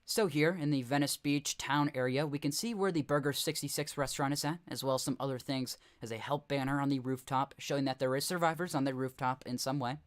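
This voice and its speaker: Young male streamer, casual off-the-cuff commentary, rambling and self-correcting, average pitch. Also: steady tone, a little fast, hardly any pauses.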